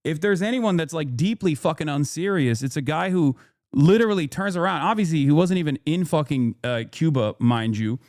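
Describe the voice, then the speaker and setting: A male streamer rants in loose, profane casual commentary, circling back over his points. His voice sits a little high for a man. The sound is close and dry. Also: expressive, a little fast, darkish tone, dry recording. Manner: profane, rambling, indignant.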